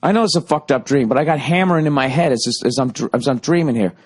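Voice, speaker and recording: A man hosting a solo podcast, rambling through a profane, comic monologue that swings from loud outbursts to low muttering. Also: fast, slightly rough. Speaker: podcast host.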